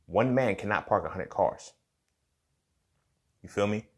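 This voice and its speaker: A young man with a lowish voice talks at a measured pace, hosting a casual motivational podcast monologue. He swears freely while telling a story and keeps checking in with "you feel me."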